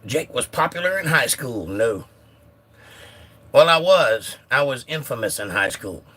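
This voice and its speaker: Slightly hoarse laid-back male streamer. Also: mid-range voice, animated, a little slow, a bit bright. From United States. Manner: laid-back, reads viewer comments aloud. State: a little hoarse. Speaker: livestream host reading chat. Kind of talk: casual live-stream chat.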